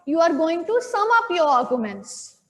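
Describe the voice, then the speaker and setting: A woman's voice: extremely high pitch, sing-song, normal speed, big-room sound. A woman teacher with an Indian English accent giving a classroom lecture, explaining step by step, repeating key points and checking with "okay?".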